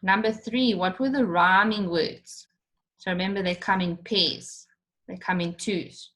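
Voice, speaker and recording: Slow, patient woman teaching a lesson. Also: medium pitch, fairly even intonation, a bit bright. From South Africa. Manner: patient, explains step by step, repeats questions. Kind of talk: recorded online lesson for children.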